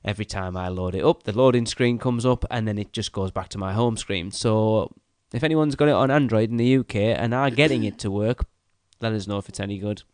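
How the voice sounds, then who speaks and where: A man, co-hosting a podcast in a low-key, dryly sarcastic way. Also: fairly quick, few pauses, darkish tone, clear, resonant tone, no room sound. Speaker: podcast co-host. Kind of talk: casual podcast chat.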